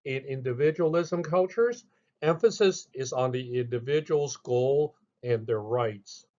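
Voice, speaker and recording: Measured male lecture narrator, lo-fi. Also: fairly high pitch, darkish tone. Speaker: instructor.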